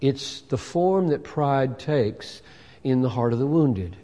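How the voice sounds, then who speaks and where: A man preaching a sermon, emphatic and expressive, often acting out the voices in the passages he reads. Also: mid-range voice, slow, big-room sound.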